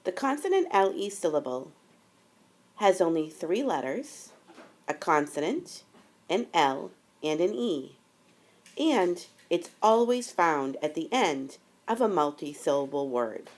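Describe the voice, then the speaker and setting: A woman teaching a phonics tutorial, explaining step by step in a careful, deliberate way. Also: on the low side, very animated, darkish tone.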